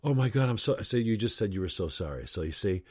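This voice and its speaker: A man's voice: fairly low pitch, quick pace, no room sound, clean studio sound. A middle-aged man chatting casually on a podcast, telling stories and acting out the voices of the people in them. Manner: animated storyteller, acts out quoted voices.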